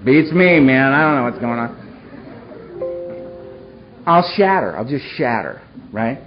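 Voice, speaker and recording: A man giving a raw, dramatic recovery talk to a live audience, with dark humor and a street-casual way of speaking. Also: mid-range voice, lively intonation, a little slow, faint music behind. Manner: street-casual, peppers speech with "man" and "you know". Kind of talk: personal recovery story told to a live audience. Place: meeting hall with a live audience. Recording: dull, lo-fi live talk recording with faint hiss.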